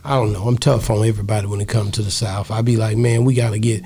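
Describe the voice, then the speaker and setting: A man with a mid-pitched, gravelly voice hosts a casual interview. He chats freely with the guest and keeps the talk moving with easy questions. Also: little pitch movement, racing, mellow, a little hiss or hum.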